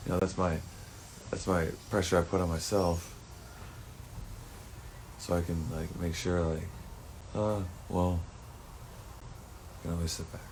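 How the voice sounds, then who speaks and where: A man's voice: low voice, level tone, a little slow, long pauses, darkish tone, slight background noise. A man talking through a rambling personal monologue, swearing often and turning heated and emotional at times.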